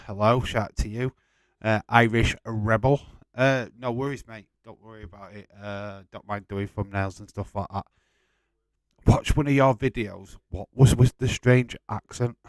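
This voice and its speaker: A man's voice: lowish voice, no room sound. A man hosting a live stream, chatting casually and bluntly with viewers, swearing now and then. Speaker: livestream host. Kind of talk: casual live chat reading out viewer comments.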